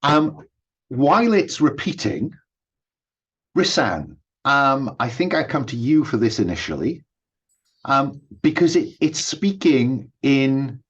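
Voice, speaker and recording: A man narrating a tabletop game as game master, with many pauses and restarts. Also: medium pitch, breathy edge, dull audio. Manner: hesitant, many ums and restarts.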